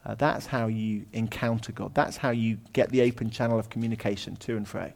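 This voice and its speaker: A man preaching a conversational sermon in a lecture room, full of ums and asides, often dropping his voice low. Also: steady tone, brisk, gravelly, a little mellow.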